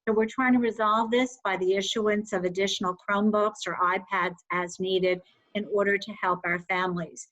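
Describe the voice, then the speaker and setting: A woman addresses a school board meeting in an earnest, measured way. Her voice sits at a medium pitch. She speaks as the superintendent, warm with feeling but steady. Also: poor audio. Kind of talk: formal meeting remarks.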